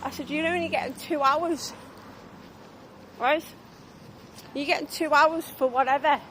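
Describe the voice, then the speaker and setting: A woman's voice: high voice, fairly even intonation, a little slow, bright, forceful tone, slight background noise, rough recording. A young woman tour guide vlogging, agitated and swearing as she retells an argument. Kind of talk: ranting vlog monologue.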